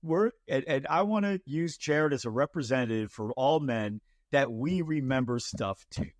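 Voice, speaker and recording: A man hosting a casual interview, playful and quick to laugh. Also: medium pitch, no room sound, clean studio sound. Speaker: podcast host.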